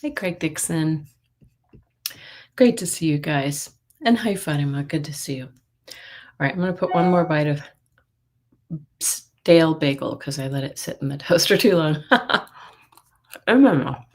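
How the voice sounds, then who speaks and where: ゆっくり話す女性の配信ホスト. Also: female voice, low voice, lively intonation, measured pace, pauses often, darkish tone. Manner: chatty, greeting viewers by name with frequent laughs. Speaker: psychic livestream host. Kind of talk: casual live-stream chat.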